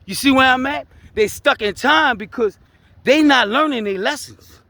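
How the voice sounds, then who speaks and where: High-voiced Louisiana man preaching street wisdom. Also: moderate pace, vocal fry, bright, forceful tone. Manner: preachy street talk, keeps repeating "you heard me?". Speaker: vlogger sharing his life story. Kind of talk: casual motivational talk.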